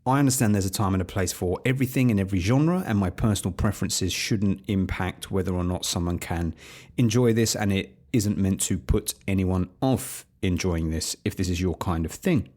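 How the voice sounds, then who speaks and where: Man, low voice, film podcast host, wry, opinionated, sarcastic solo review. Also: moderate pace, a little mellow.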